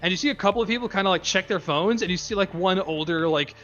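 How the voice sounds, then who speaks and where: Man, game master, casual narration, bright voice, dull lo-fi sound, faint music. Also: sits high, quick pace. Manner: loose, filler-heavy storytelling.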